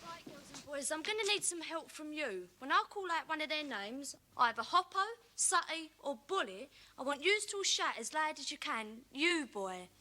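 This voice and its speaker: A woman's voice: high voice, animated, normal speed, sharp tone. An actress playing a schoolgirl hamming up a dog-trainer act on a school stage, scolding the dogs and leading the audience. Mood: rousing. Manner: bossy scolding, leading audience call-outs. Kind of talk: 1980s TV drama acting. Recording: very noisy stage recording.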